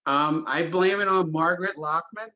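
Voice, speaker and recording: A man's voice: a little high, normal speed, lo-fi sound. A middle-aged man, a golf course superintendent, telling long stories in a casual podcast interview, with lots of fillers and restarts. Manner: rambling storyteller, many fillers and restarts.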